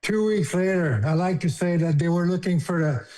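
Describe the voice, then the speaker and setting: This guest, a former hockey player, is a man in his fifties with a French accent and a high-pitched, warm voice at a moderate pace. He tells stories casually and emotionally, laughing easily and raising his voice when acting out other people's lines.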